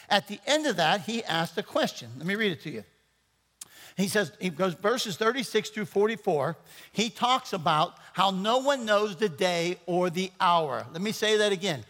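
A man's voice: high-pitched, a bit bright. A man preaching a sermon as pastor, playful and rambling, joking with his congregation between points. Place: church sanctuary. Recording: church hall reverb.

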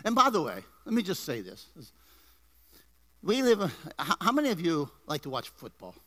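A male pastor delivering an energetic sermon in a church. His voice sits high and sounds bright and forceful, climbing with emphasis. He throws in asides and jokes to the people in the pews. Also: normal speed. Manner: energetic preaching with rising emphasis and jokes to the congregation. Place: church before a congregation.

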